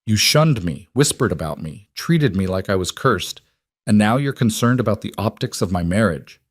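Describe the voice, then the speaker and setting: A man's voice: on the low side, lively intonation, normal speed. A man doing a defiant young widow. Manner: firm, defiant.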